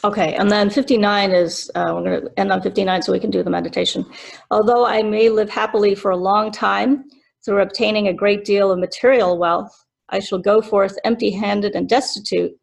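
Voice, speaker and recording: Middle-aged nun teaching, chatty and laughing, slight vocal fry. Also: female voice, medium pitch, steady tone, normal speed, rough recording. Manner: chatty, laughs often while telling a story. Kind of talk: casual teaching with a personal story.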